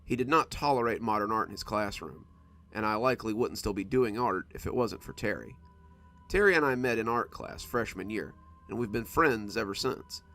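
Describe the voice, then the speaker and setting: A man narrating horror stories in an expressive storytelling manner. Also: lowish voice, normal speed, soft background music.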